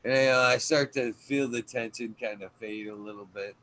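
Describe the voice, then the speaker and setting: A man's voice: medium pitch, fairly even intonation, normal speed, a bit bright. A man hosting a podcast, telling a story in a rambling, profane way with plenty of fillers. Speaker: podcast host. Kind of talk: casual storytelling.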